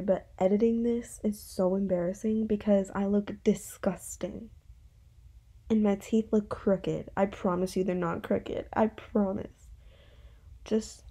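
A woman's voice: medium pitch, warm tone, reverberant, poor audio. A teenage girl vlogging casually, giddy and nervous, saying "like" a lot and sometimes dropping into whispers. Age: teens. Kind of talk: casual vlog talk to camera.

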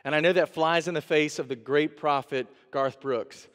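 A man preaching a sermon, his slightly high voice carrying through a church sanctuary with a long reverb tail. He delivers it with animation, moving between quiet, low asides and raised, pleading lines when he voices the people in his text. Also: moderate pace. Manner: animated preaching, acts out voices of God and the prophet. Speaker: interim pastor.

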